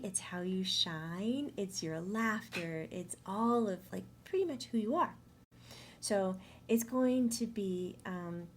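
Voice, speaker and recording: A woman talking through a monthly spiritual energy update in a chatty, animated way, often acting out inner voices. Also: mid-range voice, slight background noise. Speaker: medium.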